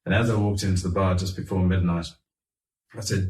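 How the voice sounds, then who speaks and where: A middle-aged man telling anecdotes in an animated, chuckling way, acting out what others said. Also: deep voice, fairly quick. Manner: animated, chuckling raconteur who acts out quotes. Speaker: guest telling stories. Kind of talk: anecdotal storytelling. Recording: roomy, distant mic.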